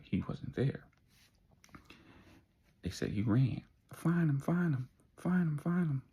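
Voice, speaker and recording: A man tells a story in a slangy, conversational way, pausing for drama. His voice is strongly gravelly and very husky. The tone is dark and mellow. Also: mid-range voice. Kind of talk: casual spoken storytelling.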